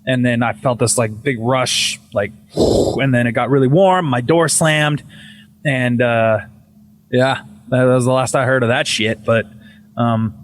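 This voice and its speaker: A man's voice: mid-range voice, fairly even intonation, a little slow. A man telling a story as a podcast guest, casual and full of swearing, often restarting his sentences. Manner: profane, rambling with many restarts.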